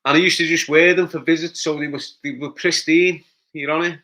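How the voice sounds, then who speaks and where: A little high and fairly quick, this middle-aged man's voice is steady in tone, pushed and bright. He's from Liverpool, England, speaks with a Scouse accent, and hosts a casual livestream where he chattily reads out usernames and answers viewers' comments individually.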